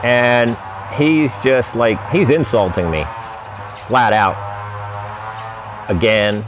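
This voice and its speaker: A man's voice: mid-range voice, takes it slowly, long pauses, over music. A man telling wry, rambling stories about his sailing travels in a casual, laid-back way. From United States. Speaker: vlogger recounting sailing travels. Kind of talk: casual storytelling.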